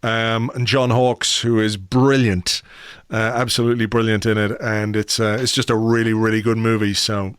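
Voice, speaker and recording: A man's voice: fairly low pitch, moderate pace, smooth, no room sound. A man hosting a podcast, chatting casually with a guest and leaning on plenty of fillers. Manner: relaxed, chatty, many fillers. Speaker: podcast host. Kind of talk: casual chat.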